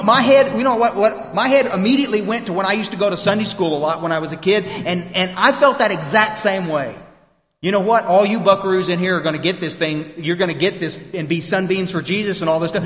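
Folksy male meeting speaker, emphatic, high-pitched, recorded live in a reverberant hall. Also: fast, a bit bright. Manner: folksy, emphatic, quotes people in voices. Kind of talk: recovery talk to a meeting. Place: meeting room.

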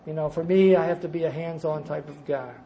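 An older man with a fairly high voice gives a personal recovery testimony to a conference audience. He tells his story emphatically, jumping from loud outbursts to quiet, dropped-off asides, and a faint hiss of noise sits under his voice. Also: fairly even intonation, a little fast, highs cut off. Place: conference gathering before a live audience.

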